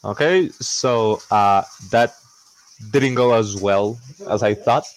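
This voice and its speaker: A man playing a tabletop game as one of the players, laid-back and quick to laugh. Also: fairly low pitch, poor audio.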